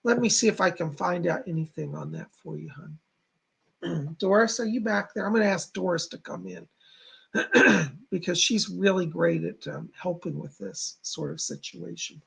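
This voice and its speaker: A man who is a psychic medium giving live readings to viewers in a halting, reassuring way, speaking to them directly. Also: high-pitched, vocal fry, fairly bright tone, husky.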